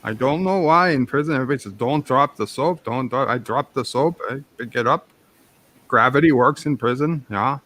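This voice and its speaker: A man's voice: medium pitch, moderate pace, fairly bright tone. A man hosting a live stream, chatting casually and joking, slipping into put-on accents. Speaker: streaming show host. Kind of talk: casual chat.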